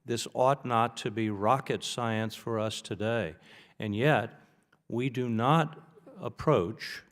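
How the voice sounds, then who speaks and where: A man from the United States giving congressional testimony as an expert witness, arguing in a deliberate, emphatic way with some restarts. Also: mid-range voice. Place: congressional hearing room. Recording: reverberant hearing room.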